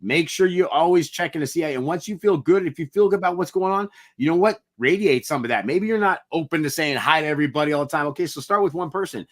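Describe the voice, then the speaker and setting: A man's voice: on the high side, fast, hardly any pauses. A man co-hosting a podcast, talking in an earnest, reflective way with some mild swearing in a casual motivational chat. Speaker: podcast co-host.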